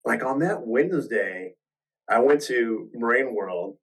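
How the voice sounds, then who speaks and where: A man's voice: medium pitch, lively intonation, unhurried, slightly rough, recorded from a distance, rough recording. A man hosting a podcast, telling a personal story in a casual, rambling way, full of restarts and acted-out quotes. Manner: rambling, restarts often, acts out quoted voices.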